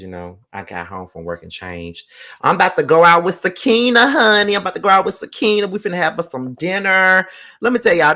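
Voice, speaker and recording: Bright-voiced guy ranting on his vlog at home, heated, cussing nonstop. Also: a little high. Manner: heated, profane, repetitive rant. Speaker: vlogger host. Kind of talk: casual ranting vlog commentary.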